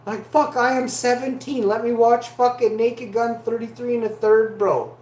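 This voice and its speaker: A man's voice: extremely high pitch, fairly even intonation, normal speed, hardly any pauses, darkish tone, echoey room. A man in his forties from Canada, rambling profanely through stories as a livestream host. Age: 40s. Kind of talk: rambling casual monologue.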